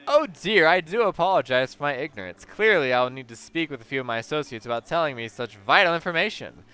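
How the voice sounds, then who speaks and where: A man's voice: on the high side, expressive, fast, sharp tone, clear, resonant tone. A man voicing a pompous, self-satisfied factory owner in his sixties who hosts a gala, speaking in formal, flowery phrases. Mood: apologetic. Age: 60s. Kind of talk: reading game dialogue aloud.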